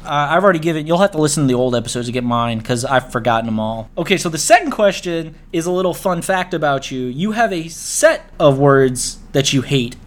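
A man with a somewhat raised pitch hosts a relaxed podcast conversation. He is laid-back, laughs easily and swears casually as he leads the talk. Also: a little fast, few pauses. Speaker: podcast host. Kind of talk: casual chat.

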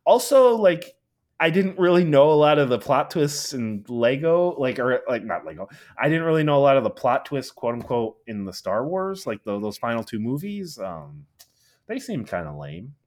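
Man, casual co-host, rambling storyteller, animated pitch. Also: normal speed. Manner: rambling, heavy use of "like", lively storytelling. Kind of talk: casual chat about video games.

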